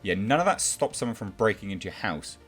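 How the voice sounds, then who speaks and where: A man's voice: on the low side, big pitch swings, quick pace, fairly bright tone, soft background music. A man giving a sarcastic, exasperated ranting commentary, mocking what he reads out. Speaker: YouTube film commentator.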